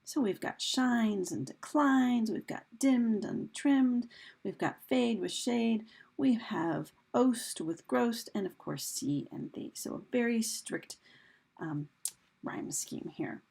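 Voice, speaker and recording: Husky woman teaching a recorded lesson. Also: fairly high pitch, lively intonation, takes it slowly, darkish tone. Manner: chatty, with fillers and rhetorical questions to students. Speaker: English teacher. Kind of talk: recorded lesson over slides.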